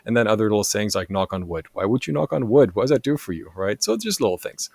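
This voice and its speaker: A low-voiced man in his forties from Germany, a native German speaker, tells stories as a podcast guest. He talks in a lively way and keeps checking in with "right?". His voice is recorded close and dry. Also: fast, gravelly, breathy edge, dry recording. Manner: lively, tags sentences with "right?". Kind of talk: casual storytelling chat.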